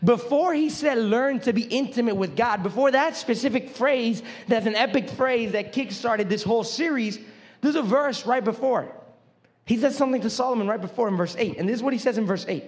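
A young man preaching a sermon as pastor, in a joking, animated, conversational way. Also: extremely high pitch, brisk.

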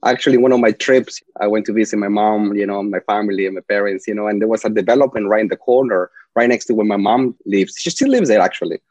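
Speaking fast with few pauses, this Peruvian interview guest has a low, slightly mellow voice and a Spanish accent. He rambles through long casual stories, captured in a dry, somewhat dull lo-fi recording.

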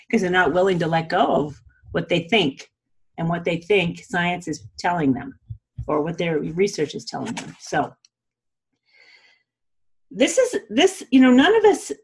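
A woman's voice: on the low side, slightly rough. A woman in a casual spiritual teaching talk, chatty, often laughing and saying "you know" and "like".

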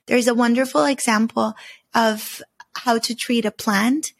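Earnest woman with a gravelly, husky voice. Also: on the high side, steady tone. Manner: earnest, measured, slow deliberate emphasis. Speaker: podcast host teaching on story symbols. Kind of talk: reflective spoken teaching.

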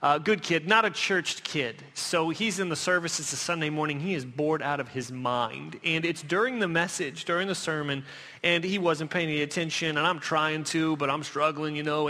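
A man giving a humorous, storytelling sermon, joking and pulling the congregation in with questions. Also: on the high side. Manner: animated, joking, pulls the audience in with questions. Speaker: preacher and professor. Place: church sanctuary. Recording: church hall reverb.

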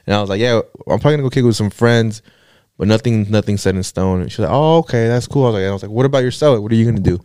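Fast-talking man telling a story. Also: lowish voice, clean tone, dry recording, studio quality. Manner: animated storyteller, profane, laughs often. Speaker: podcast co-host. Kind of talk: casual storytelling chat.

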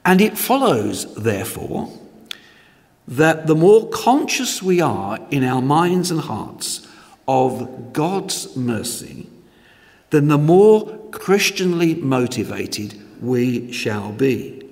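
A man preaching a sermon in church, measured and emphatic, posing rhetorical questions to his congregation. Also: medium pitch, sing-song, darkish tone, big-room sound.

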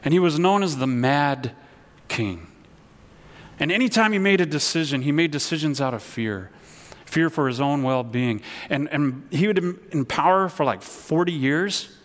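A man's voice: fairly high pitch, animated, moderate pace. Earnest man preaching in a reverberant hall. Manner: earnest, repeats words, leads call-and-response. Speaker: pastor. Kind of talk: sermon.

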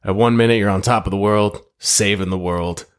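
A man's voice: on the low side, steady tone, fairly quick, clean tone, voice pushed down, close to an everyday voice. A man doing a washed-up, boozy ex-eco-hero, sheepish. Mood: rambling. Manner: sheepish, rambling. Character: washed-up drunk middle-aged male ex-eco-hero. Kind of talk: improv comedy role-play.

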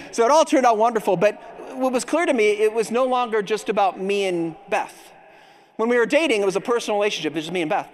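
A man giving a keynote talk at a large conference, moving from personal storytelling to rousing exhortation. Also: sits high. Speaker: keynote speaker. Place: large dome arena before a crowd.

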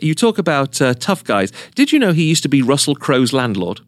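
A man's voice: mid-range voice, big pitch swings, a little fast. A man hosting a podcast, telling anecdotes in a casual, chatty way and laughing as he goes. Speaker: podcast host. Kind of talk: casual chat, storytelling.

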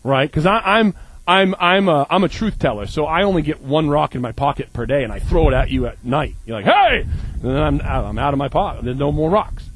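A man in his thirties preaching a humorous sermon, animated and joking as he acts out little scenes. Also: on the high side, fairly quick, poor audio. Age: 30s.

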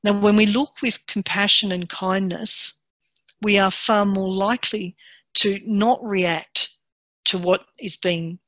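A woman giving a workshop presentation in a calm, measured and encouraging way. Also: mid-range voice, no echo.

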